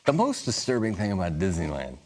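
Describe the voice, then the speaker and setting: Male talk show guest, low voice, very lively swoops in pitch, dry joke reading, faint hiss. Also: a little fast.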